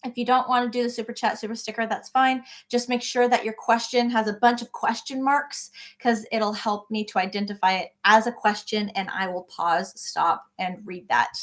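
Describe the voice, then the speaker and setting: A woman's voice: fairly high pitch, steady tone, moderate pace, few pauses, fairly bright tone. Bubbly woman hosting a home live stream. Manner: bubbly, greets viewers by name. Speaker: crochet live-stream host. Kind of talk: casual live-stream chat. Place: home office.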